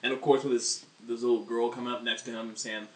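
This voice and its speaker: A man's voice: medium pitch, little pitch movement, fast talker. A man chatting casually on a podcast, telling long stories and acting out other people's lines. His voice carries a lot of room echo. He sits a little way back from the microphone. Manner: rambling storyteller, acts out voices, laughs often. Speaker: podcast co-host. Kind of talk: casual chat. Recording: roomy sound, mic at a distance.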